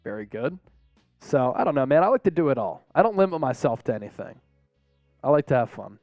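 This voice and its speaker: A man's voice: mid-range voice, very animated, fairly quick, no room sound, lo-fi sound, faint music behind. A man hosting a live sports stream, chatting casually in a laid-back, rambling way with frequent chuckles. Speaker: sports show host.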